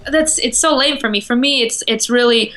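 A woman's voice: a little high, a little fast, fairly bright tone, low-quality recording. A woman guest in an interview, speaking confidently and casually, often laughing.

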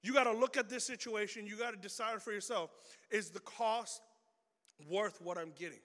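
High, bright-voiced youth pastor in a hall. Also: male voice, steady tone, normal speed. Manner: casual and slangy, quizzing the audience. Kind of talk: youth sermon. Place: large hall with audience. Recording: reverberant hall.

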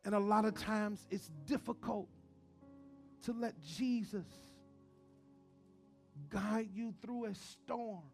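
A pastor delivers a sermon in a fairly high voice. He jokes with the congregation and then drops into quiet, earnest preaching. Soft music sits faintly underneath. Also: slow, gravelly, long pauses. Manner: humorous storytelling, swings from joking to quiet earnest preaching.

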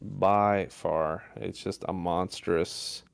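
A man co-hosting a gaming podcast in casual chat, playful and animated, often trailing off and restarting mid-sentence. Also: low voice, drawn-out words, creaky, crowd noise. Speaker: podcast co-host.

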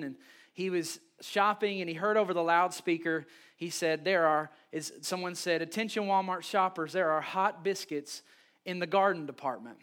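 A man, a pastor preaching a sermon, telling stories with lively restarts and repeated words. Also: sits high, smooth. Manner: animated storytelling with quick restarts.

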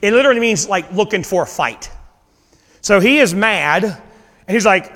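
A male preacher giving a sermon, retelling a scripture story in a casual, animated way with dramatic pauses. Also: high voice, long reverb tail.

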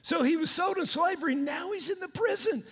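A pastor, telling the story in an animated, joking, slangy way and doing voices. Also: male voice, extremely high pitch, fairly quick. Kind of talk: sermon retelling a story. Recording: long hall reverb.

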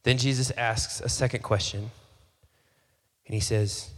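A man preaching a sermon as a pastor, in a relaxed, conversational way, acting out little bits of dialogue and often repeating phrases. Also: on the low side, unhurried, pauses often, in a large hall. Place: church hall.

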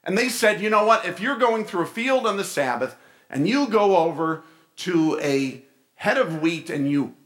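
A male pastor preaching a sermon in a church, animated and asking his congregation questions. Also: a little high, measured pace. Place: church sanctuary.

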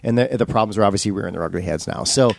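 A man's voice: on the low side, very fast, gravelly. A middle-aged man from the Midwest hosting a casual chat, rambling with many restarts. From Milwaukee area, US Midwest. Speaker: podcast host.

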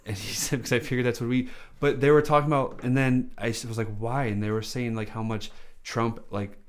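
A man's voice: medium pitch, level tone, a little fast, clean tone. A man chatting casually, rambling with lots of fillers and frequent laughs. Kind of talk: casual chat.

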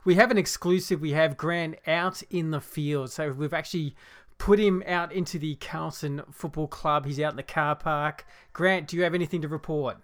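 An Australian man hosting a casual sports podcast, excited and jokey, often restarting his sentences. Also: fairly high pitch, moderate pace. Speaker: podcast host.

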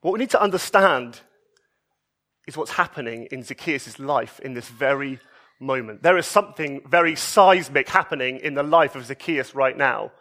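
A man preaching a sermon, expressive, moving between emphatic raised passages and soft, low ones.

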